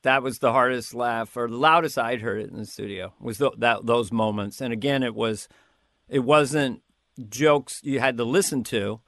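A man in casual conversation, telling show-business stories in an animated way and slipping into impressions. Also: medium pitch, normal speed, no echo, clean studio sound. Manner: animated storyteller who slips into impressions. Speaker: comedian guest recalling sketch work.

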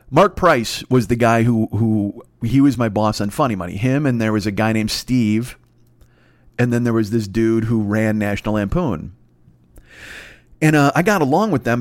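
A man's voice: medium pitch, dry recording, studio quality. A man, a comedy writer, telling a rambling, profane and self-mocking story in casual podcast chat. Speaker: podcast host.

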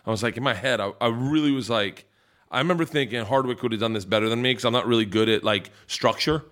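A man's voice: mid-range voice, fast, a bit bright. Rambling, profane comedian man telling stories. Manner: rambling, profane, laughs through his own stories; acts out other people's lines in raised voices. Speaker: podcast guest, comedian. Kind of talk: casual storytelling chat.

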